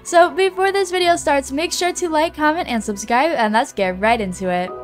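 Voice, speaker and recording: A woman hosting a gameplay vlog, talking in a gushing, excitable way and often repeating herself. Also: high voice, moderate pace, soft background music. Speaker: gaming channel host.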